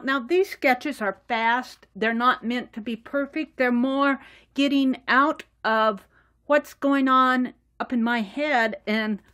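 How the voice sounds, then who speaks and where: A woman vlogger walking through her sketchbook in casual show-and-tell narration, chatty and quick to laugh. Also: fairly high pitch, a bit bright. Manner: chatty, laughs often, acts out little dialogues. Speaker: art journaling vlogger.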